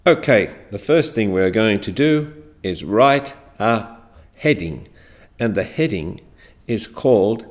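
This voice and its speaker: A man teaching a class, giving slow, deliberate instructions and spelling and counting aloud for his pupils. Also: animated. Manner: exaggerated rising pitch on demonstration words.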